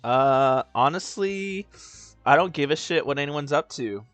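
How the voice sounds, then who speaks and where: A man's voice: on the high side, animated, unhurried, fairly bright tone, no room sound, faint music behind. Joking, foul-mouthed young man streaming. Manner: joking, profane, laughs a lot, talks to chat. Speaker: game streamer. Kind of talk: casual live-stream commentary.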